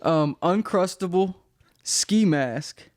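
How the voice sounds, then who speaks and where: A man's voice: sits high, expressive, slow, darkish tone, no room sound, studio quality. A man with a Midwestern American accent hosting a casual podcast, joking and teasing in heavy slang with lots of swearing. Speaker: podcast host.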